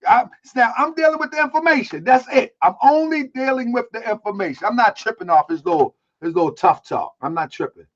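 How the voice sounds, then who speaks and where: Heated, high-voiced man ranting. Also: animated, fairly quick, few pauses. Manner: heated, repetitive, streetwise slang. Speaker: host. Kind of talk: casual commentary. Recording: dull lo-fi sound.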